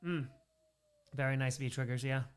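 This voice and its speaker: A man's voice: mid-range voice, steady tone, measured pace, clear, resonant tone. A man hosting a charity livestream, reading out donations and bantering with chat, sometimes in character as a made-up persona.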